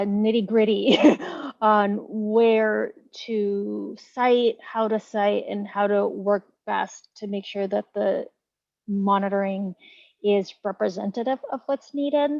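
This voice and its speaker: A woman from a government agency giving an informative presentation in an online meeting, steady with some fillers. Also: medium pitch, gravelly, dry recording, highs cut off. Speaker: EPA staff presenter. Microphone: video call.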